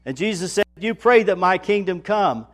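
A man preaching a sermon in a folksy manner, building to loud, emphatic repetition. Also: high-pitched, animated, moderate pace. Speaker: pastor.

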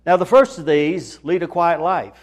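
A man preaching a sermon in a folksy manner, building to loud, emphatic repetition. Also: on the high side, lively intonation, normal speed. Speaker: pastor.

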